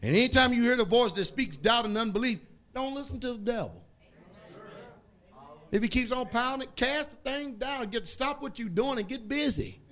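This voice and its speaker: A male pastor preaches with fervor, his voice high and bright. He swings between quiet, low passages and sudden shouted peaks. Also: lively intonation, moderate pace. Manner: fervent preaching, bursts into shouts. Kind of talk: sermon.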